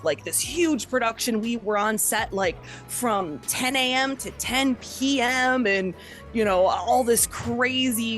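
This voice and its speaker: A woman from the Chicago area, a voice actor chatting casually as a podcast guest and saying "like" a lot. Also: fairly high pitch. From Chicago area, USA. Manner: chatty, lots of "like".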